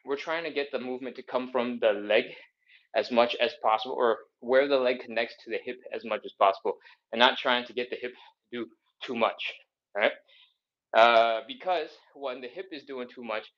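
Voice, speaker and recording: Counting reps aloud while doing the moves himself, a slightly breathless man runs a live stretching session as the fitness instructor. His voice sits in the middle range, and the upper frequencies of the recording are missing.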